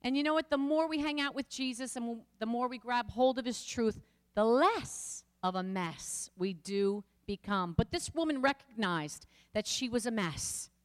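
A woman's voice: fairly high pitch, normal speed, in a large hall. A woman pastor preaching a passionate sermon, speaking straight to her listeners with rising and falling emphasis.

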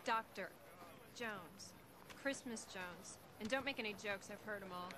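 An actress playing a self-assured young female nuclear scientist who speaks briskly and coolly. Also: mid-range voice, natural voice. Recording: film clip with clear background noise.

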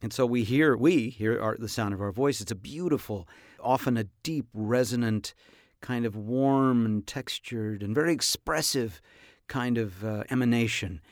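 Male podcast host, mid-pitched, playful and expressive storyteller, dry close-miked sound. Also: moderate pace, dry recording. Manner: expressive, playful, comic storytelling with vivid tangents. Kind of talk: casual podcast monologue.

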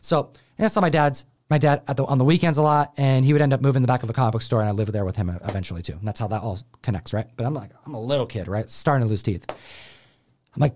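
With a quick, mid-range voice, the Buffalo, New York host of a comic book show chats casually through a family story. He brings it to life by animatedly imitating his relatives.

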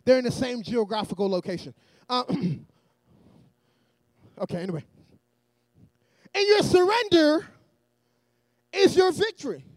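This man's voice sits at an extremely high pitch as he delivers an energetic church sermon, often shouting and joking with the congregation. He keeps a measured pace with frequent pauses, and there's no room sound.

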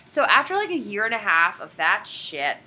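A woman in her twenties telling a personal story in casual chat, animated and quoting others dramatically. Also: medium pitch, moderate pace.

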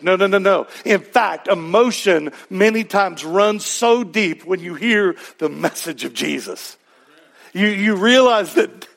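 A man's voice: high voice, a bit bright. A man preaching a sermon as pastor, emphatic, with repeated refrains and rhetorical questions.

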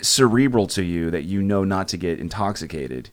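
Lively low-voiced man hosting. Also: normal speed. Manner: joking and crude, asks questions. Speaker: podcast host. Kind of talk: casual chat.

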